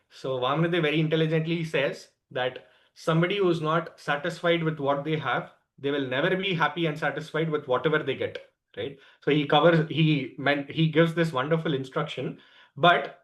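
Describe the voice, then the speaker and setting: A man with an Indian English accent, speaking in a slightly raised pitch, leads a devotional scripture class. He tells the story in a lively way and keeps checking in with his listeners. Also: moderate pace. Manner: lively storyteller, tags lines with "right?".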